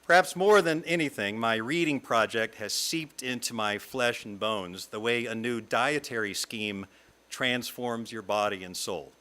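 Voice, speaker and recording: A middle-aged man from the American South, a guest speaker giving a reflective talk read from a script in a lyrical, measured way. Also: mid-range voice, bright, forceful tone. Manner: lyrical, measured reading with long lists. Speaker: guest speaker at a fellowship service.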